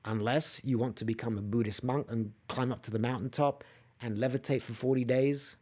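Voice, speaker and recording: A man's voice: medium pitch, fairly even intonation, a little fast, darkish tone. A man in a mid-range voice hosts a solo coaching podcast. He talks directly to his listeners, asks them to comment, and slips into short dramatized outbursts to make his points. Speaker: podcast host and empath coach. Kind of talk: solo motivational podcast talk.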